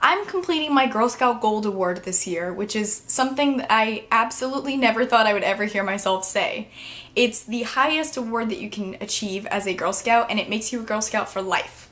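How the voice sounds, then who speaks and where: A teenage girl chats straight to her camera in a relaxed vlog, her voice sitting a little high. She is bubbly and talkative, scattering filler words as she goes. At moments she sounds emotional and near tears. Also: a little fast. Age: teens. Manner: bubbly, chatty, full of "like" fillers. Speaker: vlogger. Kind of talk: casual vlog chat.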